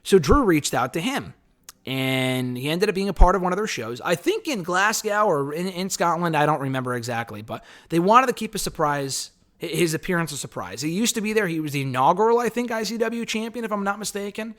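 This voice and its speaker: A man's voice: sits high, lively intonation, brisk, fairly bright tone. A man giving a casual, rambling spoken review of a wrestling show, swearing freely and correcting himself as he goes.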